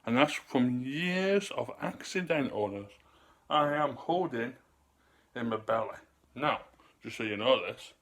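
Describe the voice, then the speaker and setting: A male vlogger in his 30s rambles loosely and chattily to camera, sometimes getting out of breath. His medium-pitched voice is animated and fairly bright, at a measured pace.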